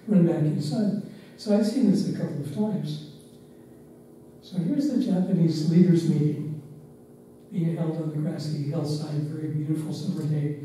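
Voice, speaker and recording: An older man, once a driver and staff member, reminiscing in unhurried, reflective anecdotes with pauses. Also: on the high side, mellow. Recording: roomy, distant mic, faint background noise.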